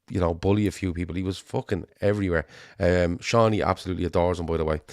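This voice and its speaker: A middle-aged man with a Liverpool accent, co-hosting a casual football chat, animated and sweary, rambling with restarts. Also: low-pitched, no room sound, studio quality. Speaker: podcast co-host.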